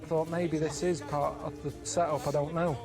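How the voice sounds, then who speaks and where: A man around forty telling rambling stories in a deadpan way during a casual studio chat. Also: on the high side, moderate pace, vocal fry, over music. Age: 40s. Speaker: guest.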